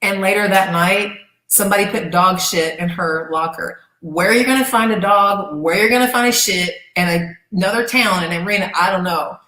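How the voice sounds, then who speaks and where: Woman, middle-aged, interview guest, casual profane storytelling, medium pitch, echoey room. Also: normal speed, sharp tone. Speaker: interview guest, former gladiator.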